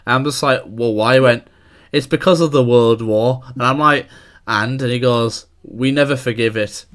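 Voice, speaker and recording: A man's voice: medium pitch, moderate pace, a bit bright. A young man, co-hosting a podcast and telling anecdotes in a rambling, filler-heavy casual chat. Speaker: podcast co-host.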